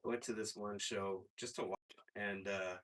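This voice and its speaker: A man performing a stand-up comedy set on a club stage, with a profane, halting delivery full of fillers. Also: on the low side, fairly even intonation, fairly bright tone. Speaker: stand-up comic. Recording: stage mic heard from afar.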